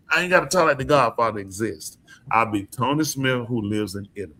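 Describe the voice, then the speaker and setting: A man's voice: mid-range voice, fast talker, bright, forceful tone. A man hosting a podcast, talking in a casual, emphatic and preachy way, often asking his listeners questions. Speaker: podcast host. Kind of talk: casual opinion talk.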